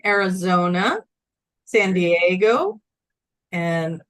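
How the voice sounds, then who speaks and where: A woman's voice: fairly low pitch, lively intonation, very slow. A woman co-hosting a casual livestream, chatting cheerfully as she reads out where viewers are tuning in from. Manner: upbeat, chatty, reading viewer comments aloud. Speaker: co-host.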